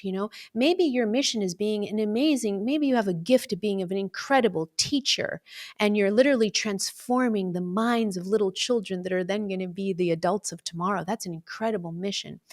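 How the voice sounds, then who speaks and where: A woman speaking casually about spiritual purpose, chatty and full of fillers, sometimes acting out other voices. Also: medium pitch. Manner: chatty, many fillers, acts out quoted voices. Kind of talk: casual reflective talk.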